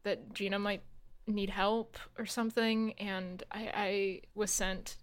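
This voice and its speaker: A woman's voice: medium pitch, flat delivery, slow, clean tone. A woman playing her character in a tabletop game, stammering and anxious. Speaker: player.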